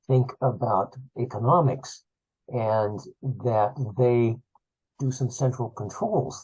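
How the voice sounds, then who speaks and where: A man hosting a book show, asking measured, thoughtful interview questions. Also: medium pitch, mellow, breathy edge, poor audio.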